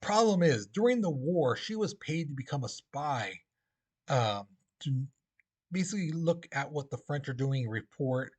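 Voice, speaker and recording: A man's voice: a little high, expressive, a little slow, a little mellow. A male teacher giving a casual classroom history lecture, full of fillers and "okay?" check-ins.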